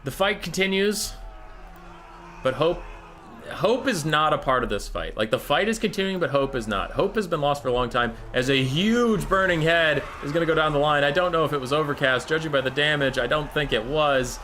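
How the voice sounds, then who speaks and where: A man's voice: fairly high pitch, brisk, slight background noise. An American man from Minnesota giving joking, casual commentary on a strategy game tournament. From Minnesota, USA. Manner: joking, animated.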